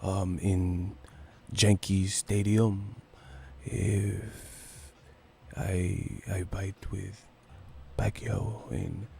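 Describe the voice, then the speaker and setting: A man impersonating a soft-spoken male boxer, whispering and mumbling in halting fragments. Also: low voice, vocal fry, slight background noise, pitched below the performer's own voice, exaggerated voice.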